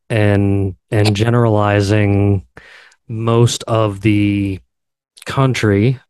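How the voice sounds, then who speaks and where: Male co-host, low smooth voice, rambling easygoing delivery. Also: darkish tone, no room sound. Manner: rambling, with fillers and restarts. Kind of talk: casual chat.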